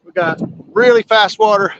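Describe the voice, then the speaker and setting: A high-voiced man chats casually to his live audience from a fishing boat on the river. He is folksy and excitable, quick to whoop. The sound is dull and lo-fi, with a faint hum of boat and water behind him. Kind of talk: casual live-stream chat. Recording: lo-fi outdoor stream with boat noise.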